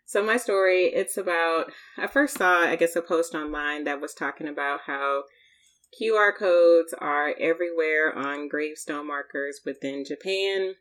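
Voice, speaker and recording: A woman with a low voice co-hosts a casual talk show. She hedges and thinks aloud as she talks. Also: a little slow, a bit bright. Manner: thoughtful, hedging with fillers. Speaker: podcast co-host. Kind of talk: casual chat.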